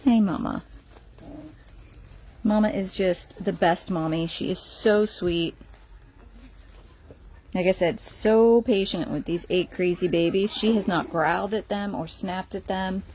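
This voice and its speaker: A woman's voice: medium pitch, fairly even intonation, unhurried, long pauses, a little mellow. Woman cooing over puppies in her lap. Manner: playful baby talk to puppies, laughing often. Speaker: animal rescue volunteer. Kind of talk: casual talk to camera.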